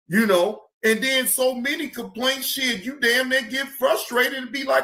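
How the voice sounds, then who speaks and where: A man's voice: very high-pitched, animated, moderate pace, few pauses, pushed and bright. A man hosting a live stream, talking bluntly and casually with plenty of profanity. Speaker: streamer host.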